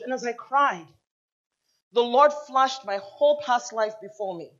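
A woman's voice: on the high side, unhurried, a bit bright, lo-fi sound. A middle-aged woman pastor preaching a passionate sermon in a church, putting rhetorical questions to the congregation. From United States.

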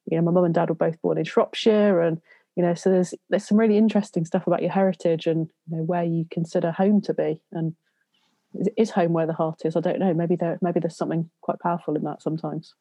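A woman hosting a podcast, talking in a reflective, halting way with many ums. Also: lowish voice, steady tone, mellow, dry recording. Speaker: podcast host. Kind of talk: casual conversation.

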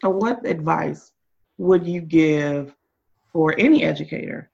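Female podcast host, low gravelly voice, slow, lively pitch, dull lo-fi recording. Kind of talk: casual interview.

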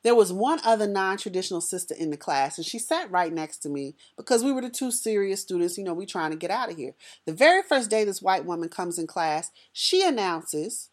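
Lively woman storyteller. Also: mid-range voice, fairly quick, few pauses. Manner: lively, conversational, addresses listeners directly. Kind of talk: personal storytelling to an audience.

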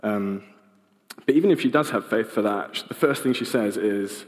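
A man's voice: on the low side, moderate pace, in a large hall. A young man giving an informal sermon, casual and hesitant, with many ums and restarts. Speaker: preacher.

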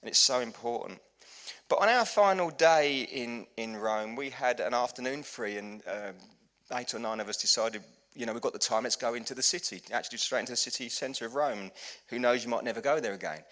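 A man's voice: mid-range voice, brisk, fairly bright tone. A man preaching a conversational sermon at a church service, telling a story in an earnest, heartfelt way with frequent restarts. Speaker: pastor.

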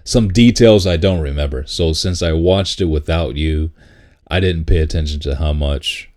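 A man in casual chat, laid-back and laughing often, repeating words when he gets excited. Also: extremely low pitch, moderate pace.

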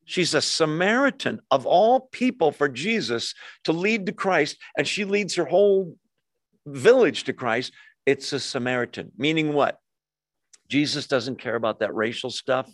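A man preaching a sermon, explaining a Bible passage in a conversational way with rhetorical questions and quick asides. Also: fairly high pitch, lively intonation, no room sound, studio quality. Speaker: pastor.

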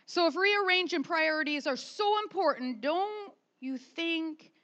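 A middle-aged woman and mother preaching a sermon, emphatic and animated, swinging from soft asides to loud pushes. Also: extremely high pitch, a little slow, lo-fi sound.

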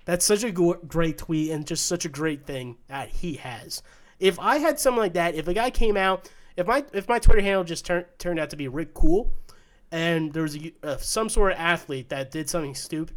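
A man's voice: a little high, moderate pace. A man co-hosting a sports podcast in casual chat, rambling and restarting sentences, laughing easily. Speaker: podcast co-host.

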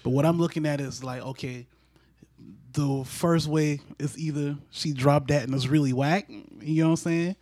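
A man's voice: on the high side, steady tone, normal speed, few pauses, darkish tone, no room sound, clean studio sound. A young man hosting a podcast in casual, slangy, rambling chat. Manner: laid-back, slangy, rambling. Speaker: podcast host.

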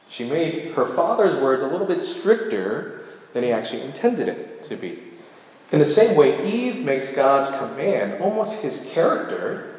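A man delivering a sermon, reading scripture aloud and pausing after each verse to unpack it. His voice sits at an ordinary male pitch. It rings through a large, very echoey hall with a long tail of reverb. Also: big pitch swings, a little mellow. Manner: reads verses aloud, then pauses to explain them line by line. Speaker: preacher.

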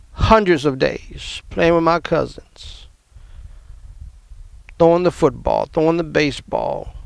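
A middle-aged man from the American South telling a personal family story in an emphatic, animated way. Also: fairly high pitch, gravelly, clean tone, no room sound.

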